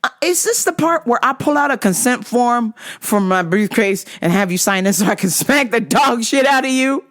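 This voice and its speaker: A woman's voice: fairly high pitch, moderate pace. A woman hosting a podcast, telling stories in a profane, ranting way. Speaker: podcast host. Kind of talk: casual profane storytelling.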